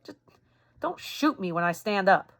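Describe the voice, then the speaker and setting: A woman voicing a friendly, ragged young male Confederate soldier with a soft, low Southern drawl. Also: very animated, measured pace, gravelly, exaggerated voice. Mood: friendly, coaxing. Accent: American Southern drawl.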